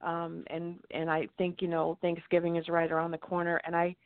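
Woman host, lowish voice, dry close sound, phone-line tone. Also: completely flat delivery, moderate pace, no echo. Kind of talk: casual chat.

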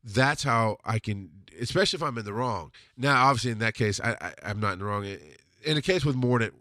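A man hosting a podcast, talking through listener questions in a blunt, intense way, swearing freely and slowing down hard on the points he wants to land. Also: mid-range voice, sharp tone, no echo, clean studio sound. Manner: emphatic, slows down on hard points. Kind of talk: casual monologue.

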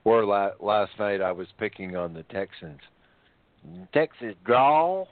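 A man's voice: low voice, steady tone, moderate pace, no room sound. A man in casual radio chat, blunt and opinionated, often restarting his sentences. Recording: dry tinny phone-line audio.

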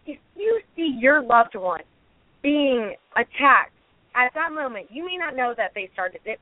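A woman's voice: a little high, no echo. A woman reality show cast member giving a candid, defensive phone-in radio interview, rambling and restarting her sentences. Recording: tinny phone line, dry.

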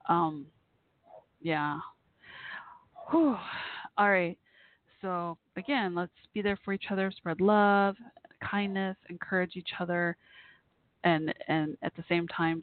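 A woman hosting a call-in talk show, speaking haltingly through tears with many fillers and restarts. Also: fairly low pitch, no room sound. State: near tears. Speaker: host. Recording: tinny phone-line audio.

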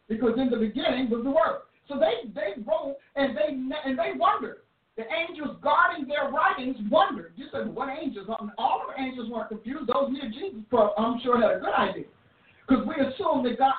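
A woman preacher teaching a sermon in an emphatic manner, with frequent restarts. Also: sits high. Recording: roomy, distant, phone-like audio.

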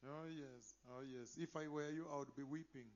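A man preaching a sermon, moving between quiet asides and loud impassioned declarations. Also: on the high side, steady tone, normal speed, dull audio.

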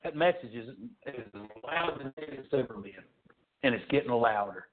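A man preaching a fiery sermon as pastor, swinging from shouts to low, quiet lines. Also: expressive, normal speed, a crowd in the background. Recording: tinny phone-like sound.

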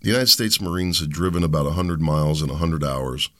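A middle-aged man hosting his own podcast, rambling and animated, mocking his opponents in put-on voices. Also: a bass voice, fairly quick. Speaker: podcast host. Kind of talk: opinion podcast monologue.

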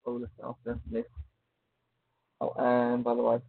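A man co-hosting a casual chat show, teasing and joking in an animated way. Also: mid-range voice, measured pace, gravelly, husky, no echo. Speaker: podcast co-host. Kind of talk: casual banter. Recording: phone-like lo-fi line.

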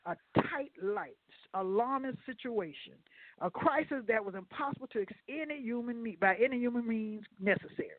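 A man's voice: extremely high pitch, expressive, normal speed, no room sound. A man preaches a folksy sermon to radio listeners, tripping over a word here and there as he talks to them directly. He comes through a narrow, phone-like line. The sound is dry, with no room around it. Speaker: guest preacher.

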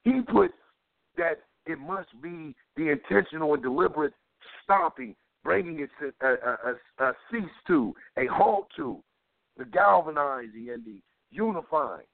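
Man, fervent talk-radio commentary, preacher-like repetition, fairly high voice, tinny phone line. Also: animated, a little slow, vocal fry, dry recording.

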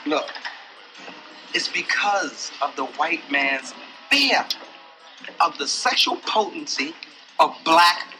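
Brief: a preachy, know-it-all guy from a film clip, lively fairly high voice, music under it. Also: takes it slowly, long pauses. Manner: preachy, conspiratorial. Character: indignant man lecturing his friends.

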